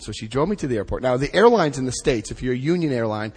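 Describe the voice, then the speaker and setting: Animated male storyteller in an echoey hall. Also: fast talker, slightly rough. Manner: animated, acts out dialogue with big pitch jumps. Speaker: recovery speaker. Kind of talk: personal storytelling talk.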